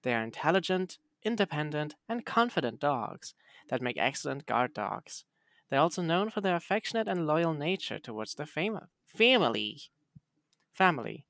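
A man's voice: on the high side, big pitch swings, moderate pace, a bit bright, no echo. A man, a podcast host chatting casually and playfully reading text aloud.

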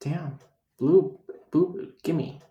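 A man co-hosting a podcast in relaxed casual chat, teasing and using many fillers. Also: on the high side, extremely slow, echoey room, lo-fi sound. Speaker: podcast co-host.

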